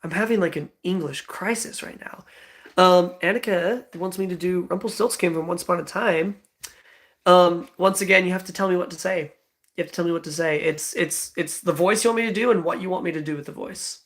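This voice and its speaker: Young man, twenties, livestream host, rambling casual chat, giggly, gravelly fry. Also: high-pitched, a little fast, fairly bright tone. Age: 20s. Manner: rambling, giggly, lots of fillers.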